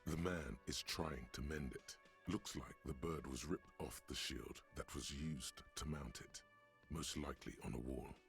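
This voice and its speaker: Deep, gravelly, wry video game narrator; dry delivery. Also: male voice, unhurried, heavily acted. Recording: game audio with faint music behind.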